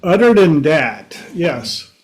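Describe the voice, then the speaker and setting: A man hosting his own talk show, telling stories in a folksy, unhurried way. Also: a little high, very animated. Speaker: podcast host. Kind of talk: casual monologue.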